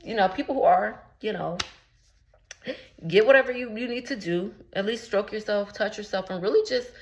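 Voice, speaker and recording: A woman's voice: medium pitch, normal speed, darkish tone. A woman spiritual coach talking casually in a vlog, slangy and rambling, with lots of filler words and amused at her own jokes. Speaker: spiritual coach and womb healer. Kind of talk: casual motivational vlog talk.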